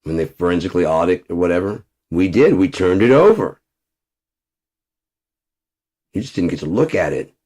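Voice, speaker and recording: A man's voice: low-pitched, animated, fast talker, darkish tone. A man delivering a profane, ranting monologue straight to camera, swearing constantly and muttering asides under his breath. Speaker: vlogger.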